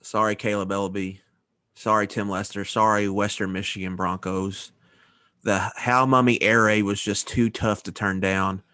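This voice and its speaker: A man's voice: fairly low pitch, flat delivery, normal speed, bright, forceful tone. A man co-hosting a casual college football podcast, running through his notes in a matter-of-fact way. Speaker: podcast co-host. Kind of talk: casual sports chat.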